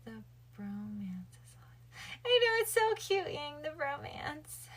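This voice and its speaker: A woman's voice: sits high, sing-song, a little slow, fairly bright tone. A woman livestreaming late at night, chatting casually with her viewers and thinking aloud. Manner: chatty, addresses her viewers and chat directly.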